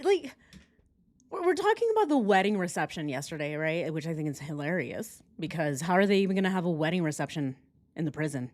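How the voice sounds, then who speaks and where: A woman hosting a casual true crime livestream, reacting with animated, sarcastic commentary and frequent laughter. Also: lowish voice, fairly quick.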